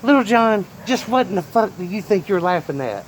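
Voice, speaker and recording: A man voicing his short-tempered old grandfather, who yells and cusses gruffly. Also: fairly high pitch, big pitch swings, fast talker, a little hiss or hum. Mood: hollering. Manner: yelling, gruff and profane.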